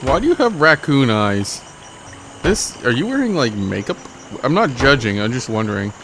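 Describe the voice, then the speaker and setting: A man's voice: mid-range voice, big pitch swings, normal speed, fairly bright tone, slight background noise. A man giving rambling, joking, self-mocking commentary while he plays a game. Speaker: let's play host. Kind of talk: gameplay commentary.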